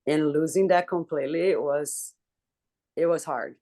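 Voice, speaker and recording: A woman in a casual group chat, telling a personal story candidly with swearing and lots of halting restarts. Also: low voice, warm tone. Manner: talks in halting restarts and fillers. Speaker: book club member.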